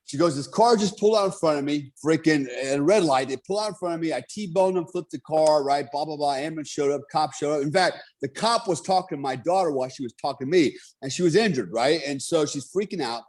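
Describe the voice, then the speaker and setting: A man's voice: a little high, fast, hardly any pauses, a little mellow. A middle-aged man telling stories as a guest in a casual podcast chat, blunt, profane and emphatic.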